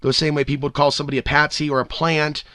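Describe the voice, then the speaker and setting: A man hosting his own solo podcast, talking loosely and ranting, swearing freely with sudden loud whoops. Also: a little high, little pitch movement, racing, dry recording, clean studio sound. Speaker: podcast host.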